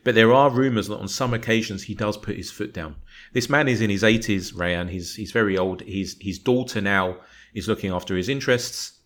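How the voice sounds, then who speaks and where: Low-voiced rambling man. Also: fairly quick. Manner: animated, rambling, acts out imagined dialogue. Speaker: podcast co-host. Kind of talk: casual podcast debate.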